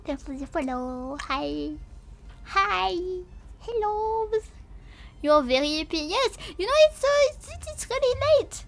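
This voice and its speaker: A high-pitched woman chatting casually with her stream viewers, playful and goofy, with a lot of cursing. She speaks at an unhurried, drawn-out pace and sounds a little sleepy. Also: fairly bright tone. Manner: playful, silly, swears often, talks to chat. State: sleepy, yawning. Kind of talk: casual livestream chat.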